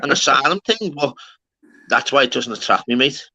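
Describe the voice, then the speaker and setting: Brash, bright-voiced man. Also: medium pitch, expressive, normal speed, muffled recording. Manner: brash, swearing, says "lad" constantly. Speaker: livestream host. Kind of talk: casual chat.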